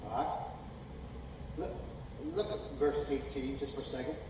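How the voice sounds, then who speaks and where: A man preaching a sermon as pastor, folksy and emphatic, building from calm talk to loud, drawn-out shouting. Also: mid-range voice. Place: church sanctuary. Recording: echoey hall, distant mic, noisy.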